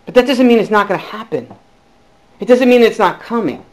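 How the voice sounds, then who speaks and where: A man. He is earnest, dropping to near-hushed tones before rising into emphatic bursts. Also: high voice, lively intonation, a little fast, low-quality recording. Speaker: pastor. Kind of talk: sermon.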